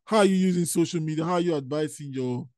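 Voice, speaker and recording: Halting male podcast host, dry sound. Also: on the high side, darkish tone, no echo. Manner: halting, repeats words while forming questions. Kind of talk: interview questions.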